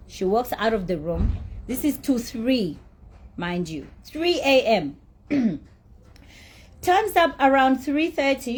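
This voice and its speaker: Woman, raised pitch, husky tone; candid celebrity monologue, indignant and profane. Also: darkish tone. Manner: blunt, indignant storytelling with profanity; emphatic repetition. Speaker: celebrity telling her side of a dispute.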